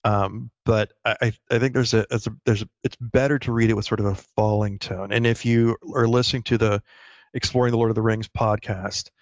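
A man co-hosting a casual literary discussion, explaining his points earnestly with quick restarts. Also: lowish voice, fairly even intonation, no echo. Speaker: podcast co-host.

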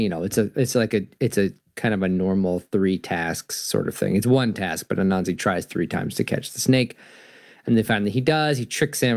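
A man hosting a storytelling lecture, reading aloud and explaining in an animated, reflective way. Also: fairly low pitch, no room sound, clean studio sound. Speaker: host and lecturer.

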